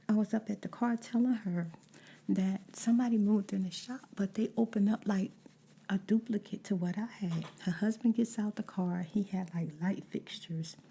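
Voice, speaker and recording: A woman telling a story in a soft whispered ASMR voice while chewing gum and doing her makeup, talking casually to her listeners. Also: medium pitch, husky. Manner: chatty, addresses listeners as y'all.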